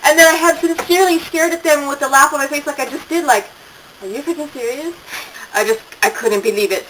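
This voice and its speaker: A woman's voice: fairly high pitch, fairly bright tone, far from the mic, slight background noise, low-quality recording. An older woman talking casually on camera, telling stories with laughing asides. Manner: chatty storytelling, acts out quoted voices, laughing asides. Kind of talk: casual monologue.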